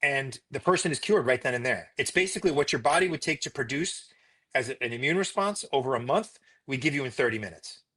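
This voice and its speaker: A man, a physician, telling stories in a conversational interview in an emphatic, animated way. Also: medium pitch, fast talker, slightly rough. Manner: emphatic, animated retelling with repetition.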